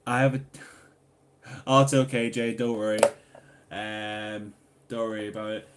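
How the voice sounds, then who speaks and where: A man's voice: lowish voice, a little slow, background noise. A young man from Newcastle with a Geordie accent, hosting a casual livestream Q&A, reading out chat and joking. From Newcastle upon Tyne, England. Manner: chatty, jokey, reads chat aloud, bursts into loud excited exclamations. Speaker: YouTuber answering livestream questions.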